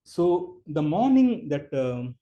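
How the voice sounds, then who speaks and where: A man tells a heartfelt personal story over a call microphone. His voice sits a little high but sounds dark and mellow, and he leans on "um" and "you know" as he goes. He pushes his voice up when the story turns emotional. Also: big pitch swings, slow pace, dull audio. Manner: earnest storytelling with many fillers, rising emotion at key moments. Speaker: devotional speaker. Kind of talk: personal testimony at an online devotional session. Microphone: online call microphone.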